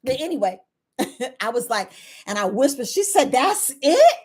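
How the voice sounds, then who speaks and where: A middle-aged woman herbalist, talking casually to her viewers, animated and laughing often. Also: fairly high pitch, normal speed, husky. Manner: animated, laughing, acts out quoted people in a raised voice. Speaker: herbalist host.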